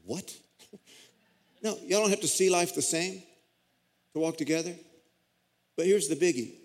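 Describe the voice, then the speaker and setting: A man's voice: high-pitched, moderate pace. A middle-aged man, a pastor preaching a sermon and telling a story with folksy, self-deprecating humor. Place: church sanctuary. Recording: long church reverb.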